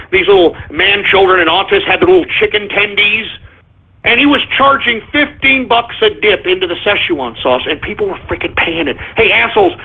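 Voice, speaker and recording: A man hosting a talk radio show, ranting angrily with shouting and profanity. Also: sits high, vocal fry. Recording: tinny phone-like lo-fi.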